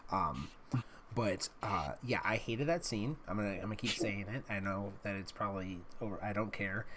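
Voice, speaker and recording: A man's voice: on the low side, normal speed, background noise. A man hosting a casual podcast, blunt and opinionated, with many fillers. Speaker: podcast host. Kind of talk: casual chat.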